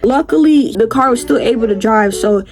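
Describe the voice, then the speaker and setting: A young adult woman telling a storytime vlog story, animated, exclaiming and swearing freely. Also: a little high, normal speed. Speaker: vlogger. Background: background music.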